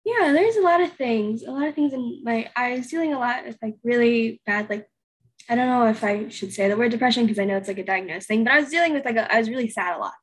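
A young woman of eighteen, a podcast guest, talks in a loose, chatty way, full of "like" and "you know". Her voice sits fairly high and has a soft, breathy edge. She keeps slipping into quoting her own past thoughts. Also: quick pace. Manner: chatty, filler-heavy storytelling with acted-out inner quotes. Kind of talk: casual interview conversation.

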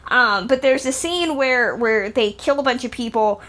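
A woman's voice: on the high side, moderate pace, fairly bright tone. A woman co-hosting a casual film review chat, talking with chatty, hesitant restarts. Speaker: film podcast co-host.

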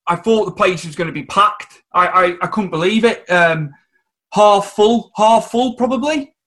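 A man chatting casually on a podcast in a relaxed, rambling way, with lots of restarts. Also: sits high, moderate pace. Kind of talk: casual chat.

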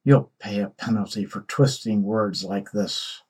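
A man's voice: on the low side, measured pace, breathy edge. A man voicing a mocking, hot-tempered young king. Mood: angry, mocking. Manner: mocking, threatening, shouting. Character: arrogant, angry young male king.

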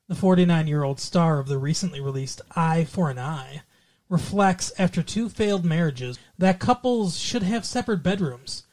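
A playful co-host in a casual chat who jokes freely and puts on silly voices. The pitch is mid-height but moves a great deal. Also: a little mellow. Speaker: podcast co-host.

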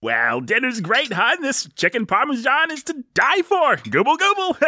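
A man's voice: sits high, bright, forceful tone, no room sound, exaggerated voice. A man playing an awkward suburban father who covers tension with nervous, jokey cheerfulness. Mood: forced cheerful. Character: awkward upbeat suburban dad, forced cheer. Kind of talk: comedic audio drama acting.

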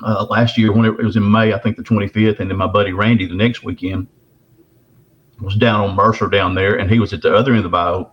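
An older man with a fairly low voice spins a rambling, folksy story. He circles back and repeats words as he goes. The recording sounds dull and lo-fi. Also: steady tone, quick pace, slight background noise. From Texarkana area, southern US. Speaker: Bigfoot researcher telling his story.

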